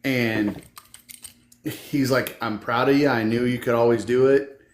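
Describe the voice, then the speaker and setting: A man's voice: medium pitch, fairly even intonation, a little slow. A man hosting a podcast, reading out a listener question and telling an earnest personal story. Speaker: podcast host. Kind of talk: casual conversation. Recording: echoey room with faint hiss.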